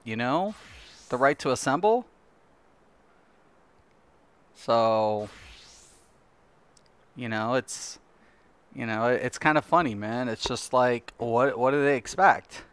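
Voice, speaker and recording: A man's voice: medium pitch, animated, measured pace, pauses often, fairly bright tone, clean tone. A middle-aged man streaming a game, chatting casually and rambling with lots of "you know" fillers. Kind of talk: casual chat while gaming on stream.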